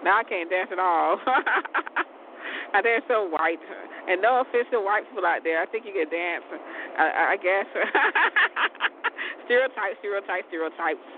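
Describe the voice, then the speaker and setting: A woman's voice: medium pitch, animated, a little slow. Woman, 40s, casual monologue, repetitive, faint background noise, phone-quality audio. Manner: rambling, repetitive, laughs often. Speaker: vlogger.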